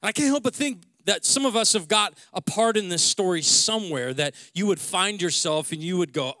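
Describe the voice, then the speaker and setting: A man in his forties, a pastor praying and then telling a personal story in a conversational, animated sermon. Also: sits high, brisk, few pauses, no echo, clean studio sound. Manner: conversational and animated, with many restarts.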